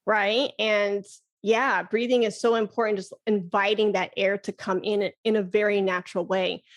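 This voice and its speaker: A woman's voice: medium pitch, flat delivery, normal speed. A woman flute teacher and podcast guest, talking enthusiastically and laughing often in a casual chat.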